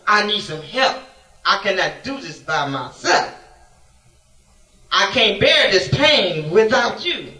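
A man's voice: high-pitched, sing-song, takes it slowly, long pauses, bright, forceful tone. A man preaching a sermon, pleading with God in a passionate, swinging delivery. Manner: impassioned, swings between pleading and laughing. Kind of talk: sermon with storytelling. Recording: echoey room, mic from a distance.

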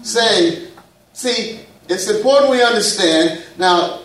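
A man's voice: high-pitched, takes it slowly, a bit bright. Man, preacher, folksy and playful, very roomy church sound. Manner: call-and-response preaching, folksy and humorous. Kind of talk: sermon. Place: church sanctuary. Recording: echoey church room, mic at a distance.

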